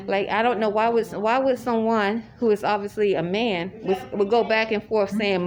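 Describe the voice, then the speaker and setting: A woman's voice: mid-range voice, steady tone, moderate pace, few pauses. A woman talking casually to the camera in a rambling, repetitive way, with many restarts. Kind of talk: casual spoken monologue. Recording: loud crowd chatter behind.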